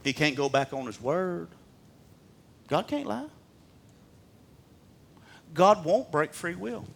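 Fervent preaching man, swinging loud and hushed. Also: fairly high pitch, lively intonation, normal speed, vocal fry. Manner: folksy preaching, swells to shouts and drops to hushed tones. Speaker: pastor. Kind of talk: sermon. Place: church.

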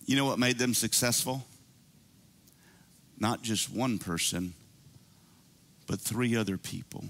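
A man preaching a sermon to his church, animated and climbing into high excited calls. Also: slow pace, creaky. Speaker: pastor.

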